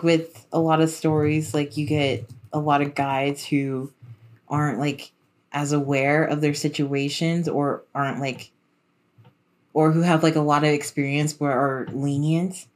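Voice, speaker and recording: A woman's voice: deep voice, steady tone, unhurried, darkish tone. A woman co-hosting a casual podcast, talking hesitantly with many fillers. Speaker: podcast co-host. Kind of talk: casual chat.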